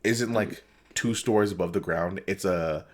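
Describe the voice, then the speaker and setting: A man's voice: low voice, normal speed, a little mellow. A man co-hosting a casual podcast, telling rambling stories and laughing often. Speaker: podcast co-host. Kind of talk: casual chat.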